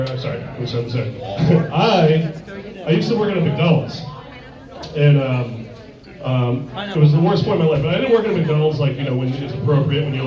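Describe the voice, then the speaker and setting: A man doing a stand-up comedy set in a sports bar, crude and rambling, full of filler words. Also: a little high. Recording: echoey bar, distant dull mic, crowd.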